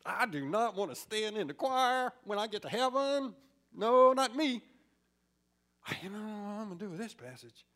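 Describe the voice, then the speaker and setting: A man preaching a sermon, swinging from loud exclamations to hushed whispers. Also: sits high, lively intonation, normal speed.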